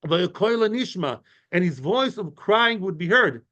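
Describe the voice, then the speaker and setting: A man's voice: high voice, animated, takes it slowly, fairly bright tone. A man teaching an informal study class, explaining in a chatty way with many asides and answering students' questions. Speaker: Talmud teacher. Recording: muffled lo-fi recording.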